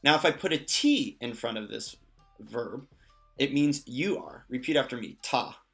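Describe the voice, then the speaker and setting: Man, language tutor, patient step-by-step explaining, bright forceful voice, average pitch, faint music underneath. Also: animated, moderate pace. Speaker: language teacher. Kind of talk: casual spoken language lesson.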